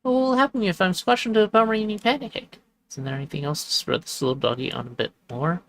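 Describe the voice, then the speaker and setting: A man voicing an eager little male Pomeranian dog who is proud of his barking, in a high, bouncy voice. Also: fast, a bit bright, slight background noise. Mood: worried.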